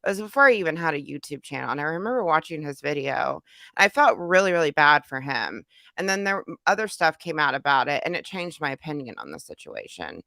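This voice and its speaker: A woman's voice: low voice, big pitch swings, a little fast, gravelly, sharp tone, dry recording, clean studio sound. A woman streaming a live reaction, chatting casually and reading viewers' comments aloud.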